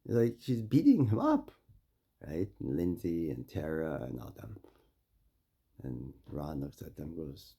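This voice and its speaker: A man from Saskatchewan, Canada, speaking directly to a mayor and making demands, with confrontational stories that swing between loud and quiet. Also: rumbling low, very animated, takes it slowly, gravelly. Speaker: First Nation community member addressing a mayor. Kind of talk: impassioned direct address and storytelling.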